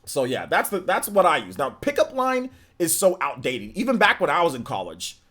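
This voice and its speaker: A man's voice: fairly high pitch, huge pitch swings, normal speed, fairly bright tone. A man in his thirties from the United States, hosting a live stream and chatting casually, often laughing and reading chat aloud.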